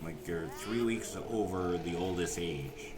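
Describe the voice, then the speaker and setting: Deep-voiced, exasperated swearing streamer. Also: male voice, unhurried, noisy background. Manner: exasperated, profane, talks to the characters. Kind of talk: casual gameplay commentary.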